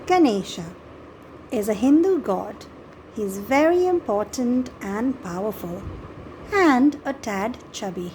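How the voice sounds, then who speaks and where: A woman reading a picture book aloud to young children, gently expressive and pausing to ask the listener questions about the pictures. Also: fairly high pitch, slight background noise, rough recording. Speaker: storybook reader.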